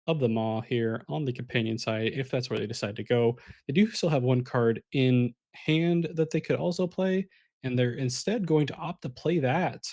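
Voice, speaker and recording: Casting a live online card game tournament, a man with a medium-pitched, slightly mellow voice chats casually with viewers and walks through the plays. He sounds sleepy and yawns.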